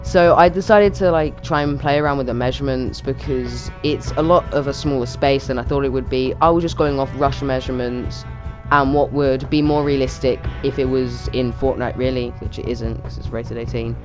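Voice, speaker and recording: A man's voice: mid-range voice, fairly even intonation, music in the background. A man narrating his game build in a casual, chatty way, with lots of fillers and restarts. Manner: chatty, quick, with many fillers. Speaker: YouTuber narrating a build challenge. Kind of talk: casual gaming commentary.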